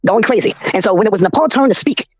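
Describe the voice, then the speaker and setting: A man hosting a livestream and arguing hard with his guest, swearing as he rallies the viewers. His voice is husky and he talks very quickly. The recording is dry and close. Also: high-pitched, expressive, no room sound. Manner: forceful, profane, addresses the audience. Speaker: channel host. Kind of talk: heated argument on a livestream.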